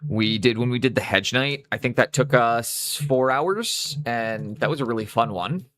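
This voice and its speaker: A man's voice: medium pitch, moderate pace, fairly bright tone, no room sound. A Canadian man chatting casually on a live stream while painting, rambling and correcting himself as he goes. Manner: rambling, self-correcting, easygoing.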